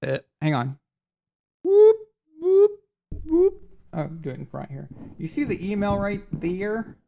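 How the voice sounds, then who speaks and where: Gravelly, casual sports stream host. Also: male voice, fairly high pitch, moderate pace, darkish tone, dull audio, a little hiss or hum. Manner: casual, rambling storyteller with restarts; acts out voices in quoted speech. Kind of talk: live stream chat reading super chats.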